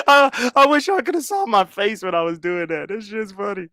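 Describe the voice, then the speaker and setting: A man in his thirties running a casual livestream from a close desk mic, his voice pitched high and swinging widely as he laughs through nearly every line. The sound is dry and close, with no room around it. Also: normal speed, no echo. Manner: laughs constantly, loud and animated. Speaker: livestream host.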